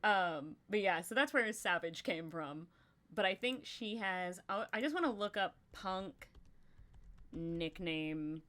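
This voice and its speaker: A woman's voice: on the low side, animated, slow, fairly bright tone. A young woman co-hosting a live stream, chatting casually with a rambling flow and many fillers. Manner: rambling, lots of filler likes. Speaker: podcast co-host.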